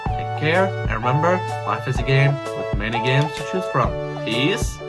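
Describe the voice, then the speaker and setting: A man's voice: mid-range voice, lively intonation, moderate pace, few pauses. A man hosting a gameplay video who reads the game's lines aloud in a casual, upbeat way, with small slips. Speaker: gaming host. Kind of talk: gameplay commentary, reading dialogue aloud. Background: faint game music.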